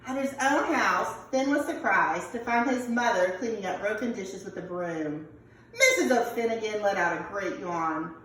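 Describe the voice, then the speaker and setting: A woman's voice: medium pitch, moderate pace, a bit bright, slight background noise. A woman teacher with an American accent, reading a picture book aloud to her class in an upbeat, encouraging way. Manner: upbeat, encouraging, self-correcting. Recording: echoey classroom from far off.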